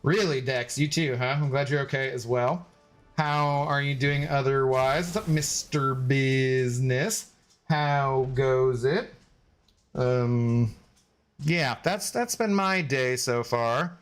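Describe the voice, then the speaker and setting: A man's voice: takes it slowly, faint music behind. A man live-streaming a game, chatting loosely with viewers and reading their comments aloud. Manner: rambling, chatty, reads chat aloud; high, scolding baby talk to his dog. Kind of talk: casual live-stream chat.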